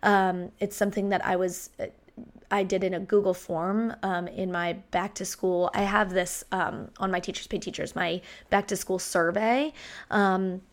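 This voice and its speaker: A woman in her thirties, a teacher hosting a podcast, talking in a chatty, animated way and acting out quotes. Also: medium pitch, measured pace. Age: 30s. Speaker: podcast host and language teacher. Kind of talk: casual podcast monologue.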